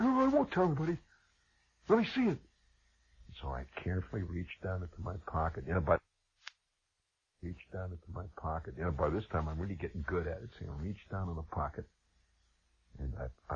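A man whose voice sits low, with a breathy edge, talks fairly quickly through a humorous, meandering childhood story. It's a chatty, animated radio monologue full of tangents, heard through dull lo-fi radio sound.

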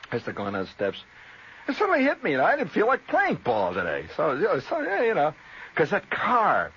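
A man's voice: on the high side, fairly bright tone. A man telling a long story on the radio in a rambling, conversational way full of asides and tag questions, heard on a slightly dull old radio recording with faint hiss.

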